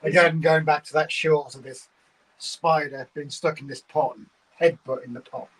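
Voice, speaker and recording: A man's voice: on the high side, steady tone, moderate pace, fairly bright tone, rough recording. A man co-hosting a casual livestream, talking in a laid-back way with dry humour. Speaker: livestream co-host.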